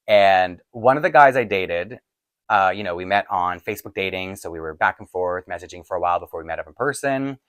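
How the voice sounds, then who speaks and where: This man, a doll collecting channel host, has a low-pitched, slightly bright voice and records dry at his home filming set-up. His casual Q&A chat to camera is rambling and full of laughter, with his voice flagging over time.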